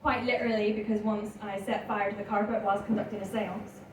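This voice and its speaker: Deadpan Northern Irish woman comic on stage. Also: medium pitch, a little fast, recorded from a distance, heavy background noise. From Northern Ireland. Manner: dry deadpan delivery, laughs at own jokes. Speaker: stand-up comedian. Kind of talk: stand-up comedy set. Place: comedy club stage. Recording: echoey club, mic heard from afar. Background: audience laughter.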